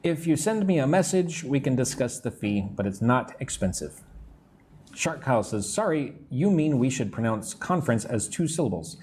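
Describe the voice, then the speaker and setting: A middle-aged American man teaching English on a live stream, answering chat comments and slowly modelling phrases for listeners to repeat. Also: mid-range voice, big pitch swings, a little mellow, slight background noise. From United States. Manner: slow, careful modelling of phrases for repetition. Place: room in Vietnam.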